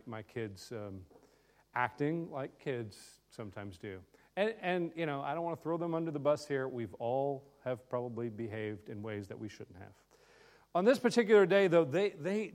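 A man's voice: medium pitch, darkish tone. Man telling a story to a congregation. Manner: conversational, with frequent ums and direct questions to the listeners. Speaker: visiting speaker addressing a congregation. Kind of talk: storytelling talk to a live audience.

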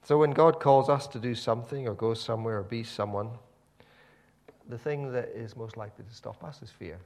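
A man's voice: medium pitch, a little fast, darkish tone. A man preaching a sermon, telling the story animatedly with many repeated words and restarts.

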